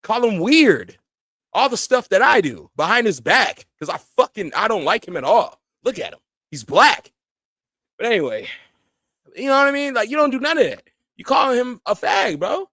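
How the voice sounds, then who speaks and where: A high-pitched man hosts a live stream and rants bluntly, with heat and plenty of swearing. His voice sits close on the mic in a dry, dead-sounding room. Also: big pitch swings, fairly quick, sharp tone, dry recording. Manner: blunt, heated, profane ranting. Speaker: streamer host. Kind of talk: casual live-stream commentary.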